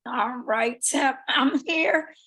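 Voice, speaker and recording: Brief: chatty woman, hoarse from losing her voice, high pitch, rambling call remarks. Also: extremely slow, a bit bright. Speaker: network marketing leader.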